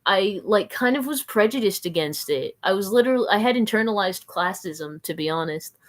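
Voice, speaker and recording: A woman's voice: medium pitch, lively intonation, fairly quick. A woman from the American South rambling through a live stream, giggling, mocking herself and answering viewer comments. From Southern United States.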